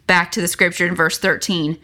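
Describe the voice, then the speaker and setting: A woman's voice: on the low side, little pitch movement, brisk, bright, forceful tone. A woman giving a casual, earnest Bible lesson, reading scripture aloud and talking it over with many fillers and restarts. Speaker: Bible study teacher.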